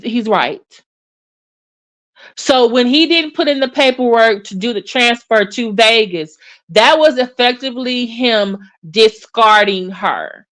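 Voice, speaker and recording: Sassy, animated woman commentator. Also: on the high side, clean tone. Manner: sassy, animated, acts out quotes with sighs. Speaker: YouTube commentator. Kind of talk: casual commentary on online drama.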